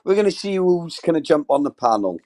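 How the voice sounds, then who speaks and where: A man's voice: on the high side, sing-song, brisk, darkish tone. A man hosting a casual livestream, talking straight to his chat in a sweary, effusive, rambling way. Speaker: livestream host.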